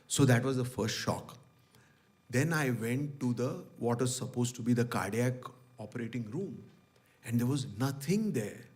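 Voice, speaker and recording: A middle-aged man, telling personal memories to a devotional gathering and acting out the dialogue he quotes. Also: medium pitch. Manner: animated storyteller, acts out quoted dialogue. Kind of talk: storytelling talk.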